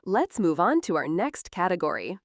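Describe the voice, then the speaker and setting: A woman teaching everyday English phrases in a slow, clear, encouraging scripted lesson, asking the listener to repeat after her. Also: fairly low pitch, big pitch swings.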